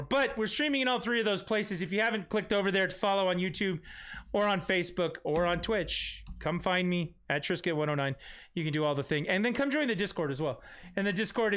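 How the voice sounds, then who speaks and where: A man hosting a casual live stream in a high, bright voice. He rambles through the chat with profane, self-mocking asides, and his speech comes out smooth and clear. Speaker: stream host.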